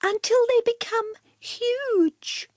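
A woman's voice: very high voice, slow pace, darkish tone, no echo, clean studio sound, pitched above the performer's own voice. A woman voicing a haughty, know-it-all female cat who lectures in a storybook. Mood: lecturing. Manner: superior, lecturing.

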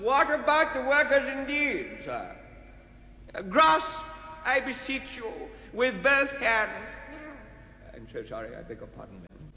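An actor playing a pompous middle-aged politician who gives an orotund, evasive speech in a comic recording. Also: male voice, very high voice, big pitch swings, slow pace, pushed and bright, heavily acted. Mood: blustering. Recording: echoey hall reverb.

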